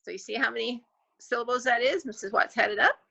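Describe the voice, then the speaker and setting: Bright, gravelly-voiced woman teacher. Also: a little high, poor audio. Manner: clapping out syllables slowly and clearly. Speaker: grade two teacher. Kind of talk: online class lesson.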